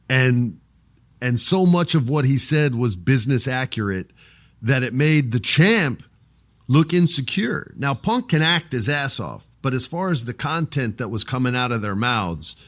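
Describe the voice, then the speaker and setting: A man's voice: medium pitch, no room sound. A man hosting a podcast, chatting casually about wrestling, acting out wrestlers' lines and swearing freely. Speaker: podcast host.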